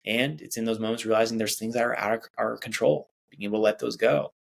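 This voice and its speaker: A man's voice: mid-range voice, fairly even intonation, quick pace, vocal fry. A man hosting his own show, leading a casual, chatty guided body scan meditation with sighs and small laughs. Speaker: podcast host.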